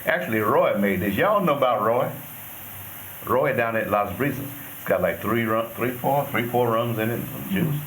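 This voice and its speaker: A man's voice: medium pitch, lively intonation, normal speed, fairly bright tone. A man vlogging casually from a resort balcony, joking and laughing in a laid-back way. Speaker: travel vlogger. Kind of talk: casual travel vlog chat. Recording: noisy outdoor ambience.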